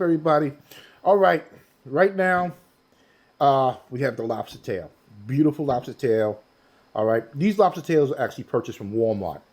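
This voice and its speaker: A man hosts a casual cooking vlog, his voice sitting in an ordinary middle register. He talks in a relaxed, chatty way, tossing in asides while he eats. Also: medium pitch. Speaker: cooking channel host.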